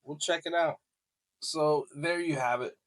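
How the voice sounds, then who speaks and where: Slow-talking joking male tutorial host. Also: fairly high pitch. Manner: loose, joking, salesy, with mild swearing. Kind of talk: casual screen-share tutorial.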